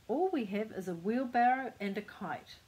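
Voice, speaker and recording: A woman's voice: fairly high pitch, animated, moderate pace, darkish tone, lightly acted. An older woman voicing a timid, respectable little man who pleads eagerly in a storybook reading. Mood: earnest.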